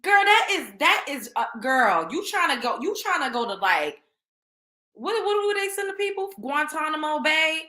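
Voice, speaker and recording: High bright animated woman commentator. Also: normal speed, echoey room. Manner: animated, slangy, laughs often. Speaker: show host. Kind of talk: casual commentary.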